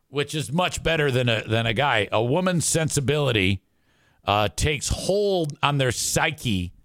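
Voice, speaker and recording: A middle-aged man hosts his own live show and rambles casually, swearing freely. His voice sits at an ordinary pitch and sounds dry, close to the mic. His talk wanders, with plenty of restarts and blunt asides. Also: a bit bright, no echo. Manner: crude, profane, rambling.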